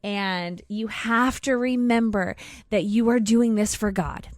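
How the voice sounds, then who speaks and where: A woman in her forties from Southern California co-hosting a podcast, talking in an earnest, encouraging way and slowing down to stress key words. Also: mid-range voice, no echo, clean studio sound. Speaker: podcast co-host, ministry leader. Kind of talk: casual podcast conversation.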